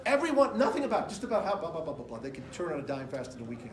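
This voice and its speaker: A middle-aged American political candidate gives an off-the-cuff campaign speech to a roomful of people, his high voice very animated and very fast. Rambling and emphatic, he jumps between anecdotes and figures, and the room sounds echoey.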